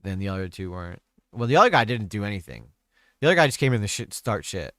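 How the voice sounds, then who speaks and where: A man's voice: lowish voice, sing-song, fast, sharp tone, dry recording, clean studio sound. A young man hosting a casual stream chat, talking crudely and rambling, often trailing off mid-sentence. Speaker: streamer host.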